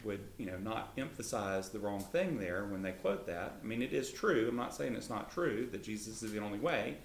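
Animated male Bible teacher, echoey room. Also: moderate pace, slight background noise. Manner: lively, pitch jumps up when voicing Jesus. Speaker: co-host of a Christian talk show.

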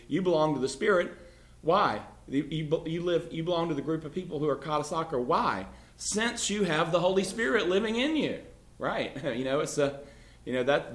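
A man leading a casual Bible class, talking emphatically with many restarts and "you know" fillers. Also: a little high. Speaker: Bible study teacher. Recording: echoey room.

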